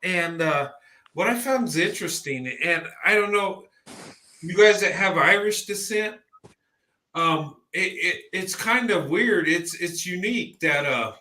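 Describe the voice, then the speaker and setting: A man's voice: high-pitched, expressive, measured pace, pushed and bright, roomy sound. A man in casual conversation as a podcast host, rambling and restarting his words as he talks. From American South. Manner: rambling, repeats words when starting a thought. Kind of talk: casual chat.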